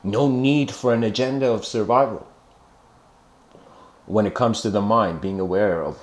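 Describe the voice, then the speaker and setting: In an echoey room, a man speaks at normal speed with a fairly low pitch during a loose philosophical lecture. He wanders off track, corrects himself, and says "you know" again and again.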